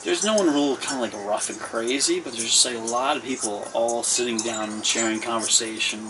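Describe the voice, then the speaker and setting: A man's voice: medium pitch, fairly quick. Rambling man narrating a tabletop game. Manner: rambling, filler-heavy description. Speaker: game master. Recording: distant mic with clear background noise.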